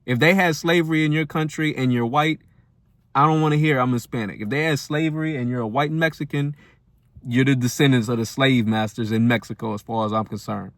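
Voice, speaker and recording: A man's voice: medium pitch, brisk, a bit bright, dry recording, clean studio sound. A man hosting a commentary channel, delivering a firm, preachy reaction rant. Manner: firm, preachy, building emphasis.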